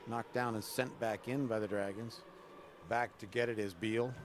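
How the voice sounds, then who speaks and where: A man doing relaxed, chatty live play-by-play of a college women's hockey game at a rink. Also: fairly low pitch, normal speed, background noise. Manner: relaxed, chatty, jokes with the camera person between plays. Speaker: play-by-play announcer.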